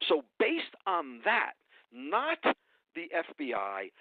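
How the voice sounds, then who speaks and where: Slow and deliberate, this man's fairly high voice swings hugely in pitch as he rants about politics as a radio guest. He's indignant and emphatic, repeating phrases for effect. The phone line is dry and tinny with no echo.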